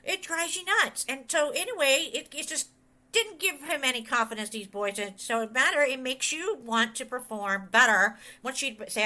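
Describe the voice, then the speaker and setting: Rambling and animated, a middle-aged woman pastor and author talks through a message as a chatty sermon with stories, acting out the people she quotes in voices. She keeps a moderate pace, and her somewhat high voice sounds bright and forceful.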